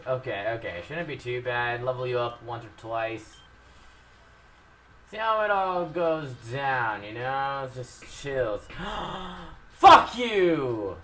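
A young man commentating his own gameplay with heavy swearing, shifting from low mutters to loud outbursts. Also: slight background noise. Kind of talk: Let's Play commentary.

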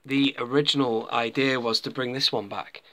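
Male collector-reviewer, bright forceful tone, loose rambling chat to viewers. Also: medium pitch, steady tone, normal speed. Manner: rambling, chatty, addresses viewers as folks. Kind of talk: casual toy review.

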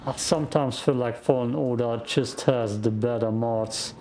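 A man's voice: medium pitch, fairly even intonation, moderate pace, a little mellow. A man giving laid-back let's play commentary over a game, musing as he plays. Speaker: gaming YouTuber. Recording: faint background noise.

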